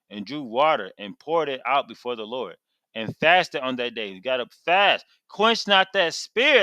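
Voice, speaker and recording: A man teaching scripture with big swings in pitch, rising high when stirred and dropping low to muse. His voice is bright and forceful and sounds close and dry. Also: no echo. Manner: emphatic, retells scripture in casual vernacular. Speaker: Bible teacher. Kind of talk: animated Bible teaching.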